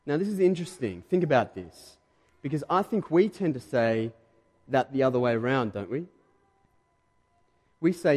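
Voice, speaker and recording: A man with an Australian accent preaching a sermon in a conversational, emphatic way, pushing louder on key points. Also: medium pitch, animated, moderate pace, long pauses, husky, big-room sound. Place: church hall.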